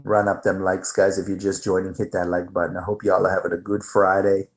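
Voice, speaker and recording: A man's voice: deep voice, flat delivery, fairly quick, rough recording. Laid-back rambling male streamer. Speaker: livestream host. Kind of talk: casual livestream chat.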